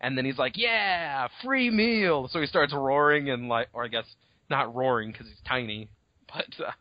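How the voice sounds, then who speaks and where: A man co-hosting a podcast, retelling a story in a casual, profane, animated way on dull lo-fi audio. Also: mid-range voice, a little fast, no room sound. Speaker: podcast co-host. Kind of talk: casual chat.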